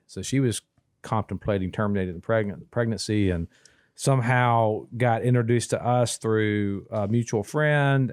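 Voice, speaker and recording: A man's voice: on the low side, a little mellow, no echo, studio quality. A man telling a long family story in casual podcast talk, full of restarts and quoted dialogue.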